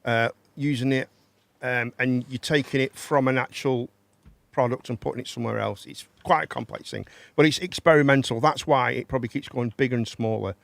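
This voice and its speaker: A man's voice: medium pitch, steady tone, fairly quick, vocal fry, no echo. A man hosting a casual live-stream chat show. He rambles, repeats his words and banters with his guests.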